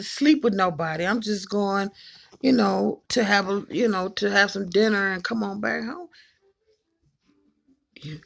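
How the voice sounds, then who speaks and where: A woman in her forties from Cleveland, telling folksy, animated family stories to the camera and hushing her voice to mimic her mother. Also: mid-range voice, vocal fry. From Cleveland, Ohio. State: emotional, choked up at times. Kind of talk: personal storytelling to camera.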